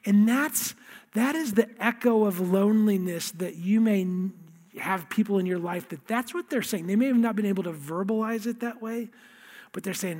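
A man's voice: high-pitched, darkish tone. Guy pastor preaching, earnest, stumbles and repeats words, big echoey church sound. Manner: earnest, reads scripture slowly with feeling, repeats words. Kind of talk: sermon. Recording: long hall reverb.

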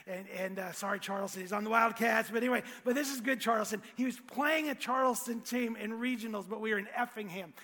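A middle-aged man preaching a sermon, telling stories that swing from hushed, quiet passages to loud shouting. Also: sits high, in a large hall. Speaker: pastor.

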